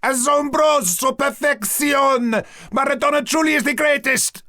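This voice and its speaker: An eager young hustler who plays a fake holy man for tourists, chatty and quick to please, as a male narrator puts him on. The voice sits raised and bouncy, with a dry, close sound. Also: a little high, sing-song, fairly bright tone, no echo, voice pushed up. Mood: ecstatic shouting. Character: cheerful skinny young male fake-shaman showman.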